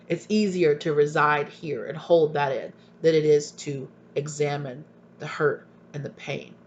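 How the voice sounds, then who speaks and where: A man's voice: a little high, vocal fry. A man giving a tarot reading to viewers, talking earnestly and emphatically, often repeating himself and asking pointed questions. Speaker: tarot reader. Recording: dull lo-fi recording with faint hum.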